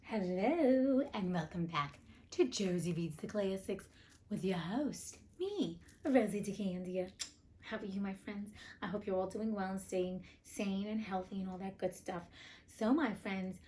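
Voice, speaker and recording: A woman's voice: medium pitch, normal speed, dark tone. A young woman hosting an audiobook podcast, reading a fairy tale with cheeky, profane side comments. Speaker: podcast host and audiobook reader. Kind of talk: casual storybook reading with asides.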